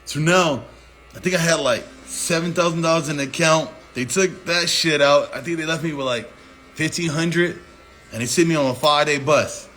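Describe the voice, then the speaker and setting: A man's voice: a little high, normal speed, fairly bright tone, soft background music. Loose, profane storytelling man. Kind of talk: casual spoken storytelling.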